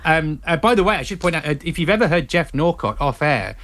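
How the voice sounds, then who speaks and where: A man's voice: on the high side, lively intonation, a little fast, a bit bright. A man from Croydon in casual podcast chat, playful, full of hesitant restarts and stammers. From Croydon, England.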